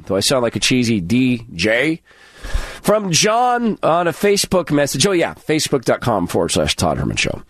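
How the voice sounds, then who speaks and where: Animated sarcastic male radio host. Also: mid-range voice, normal speed, no room sound, clean studio sound. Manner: sarcastic, animated, mocking asides. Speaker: radio talk show host. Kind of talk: talk radio monologue.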